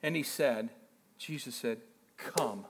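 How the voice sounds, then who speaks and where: A man preaching a sermon as pastor, retelling a story with animated excitement and frequent chuckles. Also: mid-range voice, slow pace, a little hiss or hum. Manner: chuckles often.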